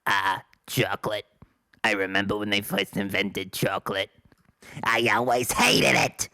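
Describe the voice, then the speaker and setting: A man's voice: lowish voice, fairly even intonation, unhurried, pushed and bright, dry recording, studio quality. A man voicing a forgetful, cranky old woman who mishears things. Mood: confused.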